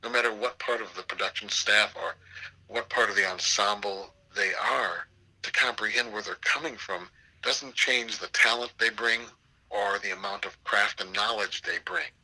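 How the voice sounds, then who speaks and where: A man's voice: fairly low pitch, moderate pace, low-quality recording. Older man telling theater stories. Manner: anecdotal, animated retelling of theater stories. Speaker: theater professor. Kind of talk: storytelling interview over a call.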